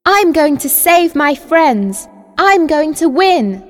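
A man reading a story aloud, putting on the voice of a brave young girl heroine who shouts her lines. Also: very high voice, very animated, takes it slowly, big-room sound, soft background music, pitched above the performer's own voice, exaggerated voice. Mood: determined. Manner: determined, shouting.

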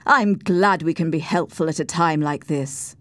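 A woman voicing a polite, discreet gentleman neighbour in a storybook reading, softening to a hush for private matters. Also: low voice, moderate pace, no echo, natural voice. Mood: courteous. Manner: polite, drops to a hushed whisper.

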